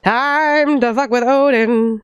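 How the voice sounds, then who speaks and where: A woman streamer giving casual, foul-mouthed commentary while playing a game, animated and arguing with the characters. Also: fairly high pitch, slow pace, smooth, dry recording. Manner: animated, profane, argues with the characters.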